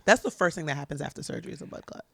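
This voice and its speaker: A woman's voice: low-pitched, lively intonation, racing, creaky, fairly bright tone, slightly rough, dry recording, clean studio sound. A woman hosting a podcast, talking bluntly in casual chat with a guest. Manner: blunt, reacts with frequent affirmations. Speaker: podcast host.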